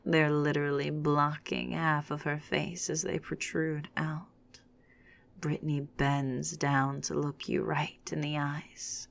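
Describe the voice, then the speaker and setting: A woman narrating a second-person story in a hushed, unhurried, often whispered reading. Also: deep voice, flat delivery, creaky.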